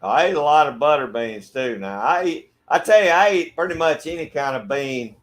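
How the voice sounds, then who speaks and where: A middle-aged man from Georgia with a Southern accent, hosting a relaxed livestream and greeting viewers by name. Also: a little high, normal speed. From Georgia, USA. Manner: friendly, laid-back, greets viewers by name. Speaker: livestream host. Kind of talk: casual chat reading viewer comments. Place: backyard shed.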